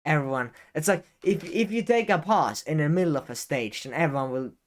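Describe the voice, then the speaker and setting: A man's voice: on the high side, animated, a little fast. A young man talking casually to camera as a YouTuber, rambling with many fillers and restarts and the odd swear word. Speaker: YouTuber giving advice. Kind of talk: casual on-camera advice talk.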